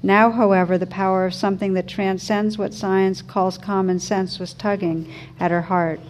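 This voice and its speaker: A woman teacher giving a slow, gentle reflective talk, reading a story aloud. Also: medium pitch, level tone, slight background noise. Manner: slow, gentle, thoughtful delivery.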